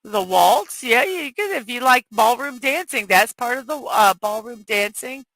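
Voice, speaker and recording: A woman with a scratchy, hoarse voice hosts a casual morning livestream, reading viewers' chat messages aloud and talking unhurriedly. Her tone is bright, and the sound is dry and close, picked up by a headphone mic. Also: on the high side, lively intonation, measured pace, no room sound. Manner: reads viewer chat aloud, chatty and apologetic. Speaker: morning show host.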